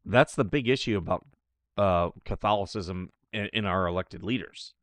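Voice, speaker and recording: A man's voice: deep voice, moderate pace, a bit bright, no echo. Sarcastic man hosting a talk show. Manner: scoffing, sarcastic remarks. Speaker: show host. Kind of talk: casual live commentary.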